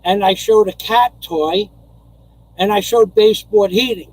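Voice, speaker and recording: A man's voice: high-pitched, a little slow, poor audio. An older man from New York rambling through a casual live stream, repeating phrases and chuckling as he goes.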